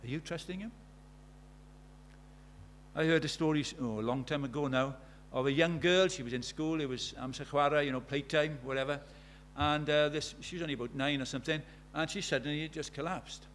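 A man's voice: a little high, fairly quick, a bit bright, a little hiss or hum. A man preaching a sermon in an earnest way, telling stories and asking his listeners many questions.

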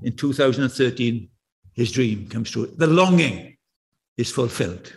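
An older man preaching a sermon, chatty and anecdotal, slowing down to repeat key words with emphasis and dropping in wry, self-deprecating asides. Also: mid-range voice, lively intonation. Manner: conversational and anecdotal, with slow emphatic repetition.

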